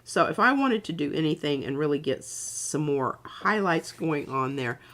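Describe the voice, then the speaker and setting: Low-voiced woman thinking aloud while painting. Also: lively intonation, fairly bright tone. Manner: halting, trailing off, thinks aloud while working. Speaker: artist demonstrating on a livestream. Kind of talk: casual craft demo chat.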